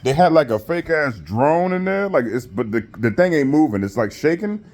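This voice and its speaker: A man's voice: a little high, animated, normal speed, darkish tone. A man giving a profane, mocking rant while reviewing a wrestling show. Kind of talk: casual rant.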